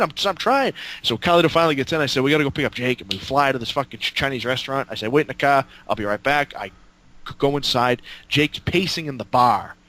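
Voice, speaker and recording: A man's voice: medium pitch, a bit bright. A man telling a long, rambling road story in casual chat, swearing and laughing as he goes. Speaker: storyteller guest.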